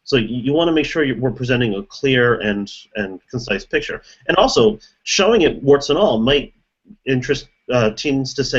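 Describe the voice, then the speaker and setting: Man, mid pitch, explanatory and conversational, muffled online call sound. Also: animated, moderate pace, husky. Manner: thinking aloud, explanatory. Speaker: meeting participant. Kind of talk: casual group discussion.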